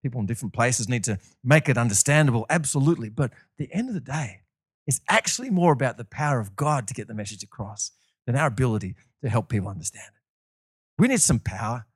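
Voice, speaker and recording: A man's voice: medium pitch, quick pace, slightly rough, dry recording, clean studio sound. A man preaching a sermon, telling stories and acting out the voices of the people in them. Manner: animated storytelling with acted-out voices.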